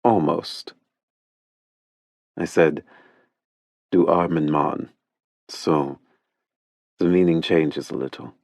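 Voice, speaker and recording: A man voicing a tired, tender young male hockey star, speaking softly and intimately for an audiobook. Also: extremely low pitch, steady tone, takes it slowly, gravelly, long pauses, no room sound, clean studio sound, full character voice. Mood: teasing low.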